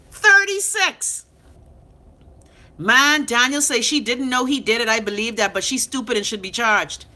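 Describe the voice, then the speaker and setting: A woman's voice: fairly high pitch, brisk, few pauses. Brash Bahamian woman ranting. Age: 30s. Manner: blunt, profane, animated, talks back to commenters. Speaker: live-stream host reading comments. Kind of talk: unfiltered casual rant.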